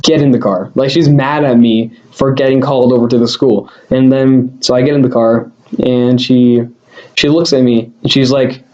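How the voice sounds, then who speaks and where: A man's voice: medium pitch, fairly even intonation, normal speed, darkish tone, lo-fi sound. A young man casually telling a personal story to camera as a vlogger, rambling with lots of fillers and self-deprecating asides.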